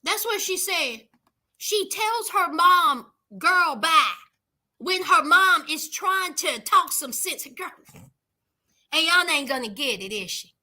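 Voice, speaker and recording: A woman's voice: very high voice, expressive, slow, sharp tone. A woman hosting a casual reality TV recap, sassy and emphatic, talking straight to her viewers.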